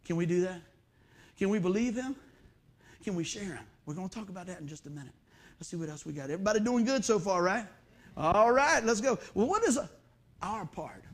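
A preacher with a high-pitched voice spins a folksy story from the pulpit. He acts out the voices and sound effects as he talks, then leans into the sermon. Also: animated, a little fast.

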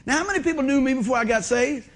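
Middle-aged man pastor, folksy and animated, raspy high-pitched delivery. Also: racing. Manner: animated, folksy, asks the congregation questions. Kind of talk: sermon. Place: church sanctuary.

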